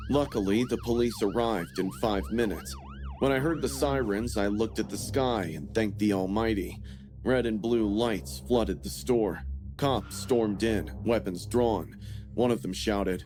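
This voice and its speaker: A man giving a scripted first-person horror narration in a steady, grim storytelling manner. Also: lowish voice, measured pace, over music.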